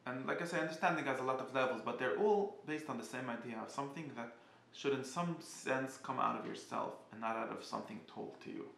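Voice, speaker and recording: A man giving a casual spoken class, halting and often restarting as he searches for words. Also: medium pitch, gravelly, a bit bright, reverberant, slight background noise. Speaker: teacher.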